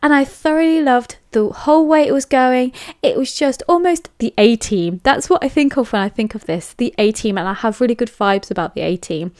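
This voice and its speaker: A woman with an English accent talks through her book reviews in a casual, candid way, stressing her likes and dislikes and using plenty of fillers. Her voice sits a little high. The recording is dry and close, with no room sound. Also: dry recording. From England. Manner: chatty, candid, emphatic with frequent fillers.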